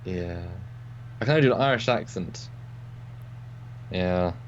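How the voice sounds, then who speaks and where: A man's voice: low-pitched, a little slow, lo-fi sound. A man co-hosting a livestream, chatting casually and rambling with frequent restarts, on a desk mic. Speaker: co-host. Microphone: desk mic at computer.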